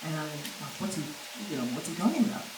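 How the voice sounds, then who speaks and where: A woman's voice: low voice, sing-song, far from the mic. Older woman telling a story in an echoey hall. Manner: halting, many fillers and restarts, light laughs. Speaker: guest recounting memories. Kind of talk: storytelling on stage. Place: event hall with audience. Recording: echoey room with background noise.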